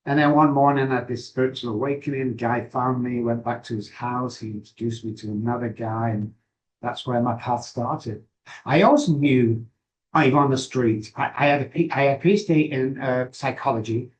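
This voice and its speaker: A middle-aged man speaks as an interview guest, and his voice sits at an ordinary mid pitch. He tells his story frankly and haltingly, pausing and restarting his sentences. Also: muffled recording. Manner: candid, halting, with frequent pauses and restarts. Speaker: guest, addiction recovery expert.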